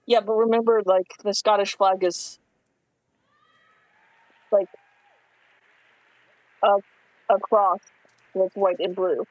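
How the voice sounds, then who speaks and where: A man with a high, light voice co-hosts a live sports stream and calmly walks through scores and facts. His delivery is steady and informative, dotted with little fillers. The sound is close and dry. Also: takes it slowly, long pauses, no echo, poor audio. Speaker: commentator. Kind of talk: casual live-stream commentary.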